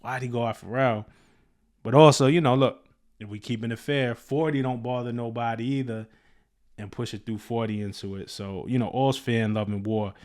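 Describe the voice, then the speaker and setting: A man's voice: mid-range voice, fairly even intonation, a little fast, darkish tone. A man hosting a casual reaction show, talking through rap lyrics in a conversational way with frequent fillers. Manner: conversational, many fillers, reads lyrics aloud and explains them. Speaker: host, music commentator.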